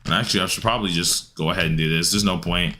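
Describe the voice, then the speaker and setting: A man's voice: low-pitched, fast talker, pushed and bright. A man streaming a game, chatting casually with his chat in a laid-back, slangy way and laughing often. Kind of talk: casual livestream chat while gaming.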